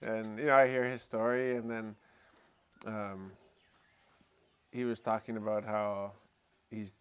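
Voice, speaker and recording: A man hosting a live talk stream, telling a story in a relaxed, rambling way full of fillers. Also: fairly low pitch, slow pace, clean tone. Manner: relaxed, rambling, lots of fillers like "you know" and "eh". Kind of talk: casual storytelling chat.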